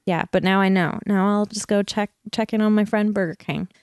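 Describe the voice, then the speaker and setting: A woman's voice: medium pitch, fairly even intonation, brisk, darkish tone, no echo, clean studio sound. A woman co-hosting a podcast in casual chat, talking chattily with frequent giggles. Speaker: podcast co-host.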